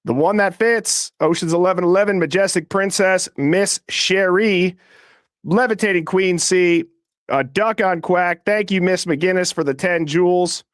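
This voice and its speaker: Male stream host, slightly high-pitched, dry close mic, rapid easy patter reading viewer names. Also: no echo. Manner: fast, casual, shouting out names in quick succession. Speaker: host of a live call-in show.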